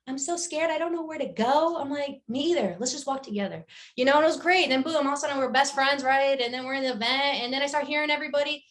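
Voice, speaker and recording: A young woman giving a candid, emphatic motivational talk to her business team, sharing a personal story. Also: sits high. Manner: animated, emphatic, speaks candidly and directly. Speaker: network marketing team leader.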